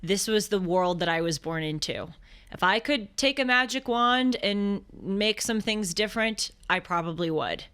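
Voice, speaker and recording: A young woman with a Boston accent hosting a casual conversation show. Her voice sits at a middle pitch, and her delivery is lively and easygoing, with quick laughs. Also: clean tone. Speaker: podcast host. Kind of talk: casual chat.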